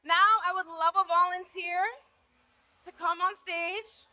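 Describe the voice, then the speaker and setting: A woman's voice: very high voice, little pitch movement, unhurried, noisy background. A young woman teaching posing on a stage before a live audience, upbeat and encouraging as she cheers on volunteers through a handheld mic. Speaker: posing coach.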